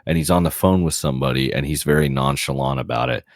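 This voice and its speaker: A man's voice: a bass voice, animated, quick pace, vocal fry, dry recording. A young man co-hosting a casual game podcast, laid-back with dry humor, chuckling mid-sentence. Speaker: podcast co-host. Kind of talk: casual late-night game chat.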